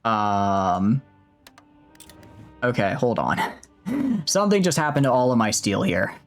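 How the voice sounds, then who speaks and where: A man's voice: medium pitch, expressive, takes it slowly, soft background music. A man streaming a strategy game, chatting casually with his viewers, rambling with many restarts and fillers. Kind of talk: casual live-stream chat while gaming.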